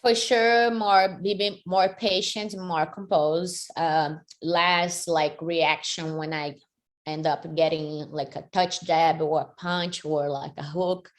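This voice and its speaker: A woman's voice: on the low side, slow. A woman, a fighter answering interview questions energetically, with many "like" fillers. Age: 30s. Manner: energetic, frequent "like" fillers, second-language phrasing. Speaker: MMA fighter and jiu-jitsu athlete.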